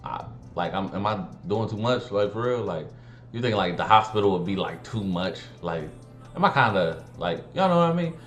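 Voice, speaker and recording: A young man with an animated, slangy storytelling manner. He swears freely and acts out the dialogue. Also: on the low side, normal speed. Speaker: vlogger. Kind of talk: casual storytime monologue. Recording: roomy room, faint music behind.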